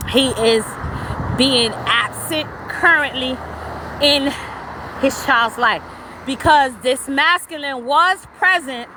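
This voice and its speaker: A woman's voice: high-pitched, noisy background. A woman with a New York accent, out of breath while walking outdoors, talks bluntly and preachily to her viewers in a casual live stream. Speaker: spiritual vlogger.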